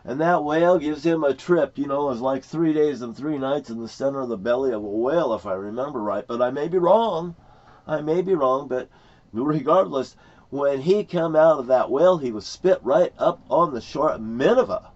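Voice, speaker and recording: A man's voice: fairly high pitch, unhurried. A man ranting in a rambling, profane, angry way about his experiences. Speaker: vlogger. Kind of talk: rambling personal rant. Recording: dull lo-fi recording.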